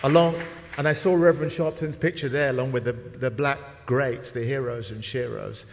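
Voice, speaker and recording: A man's voice: mid-range voice, steady tone, normal speed. A man moderating a panel, talking to the audience in an affable, informal way. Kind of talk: speech to a conference audience. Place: large conference hall. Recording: reverberant hall with faint noise.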